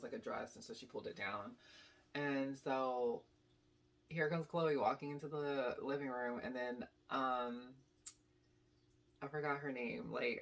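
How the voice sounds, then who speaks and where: A young woman telling a casual storytime to her channel, animated and rambling with lots of "like" and "basically". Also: a bass voice. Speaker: YouTube storyteller.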